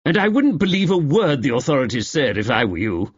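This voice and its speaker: A man's voice: mid-range voice, very animated, fairly quick, slightly rough, no room sound, lo-fi sound, voice pushed up. A man voicing a nervous, gullible man who complacently explains conspiracy theories.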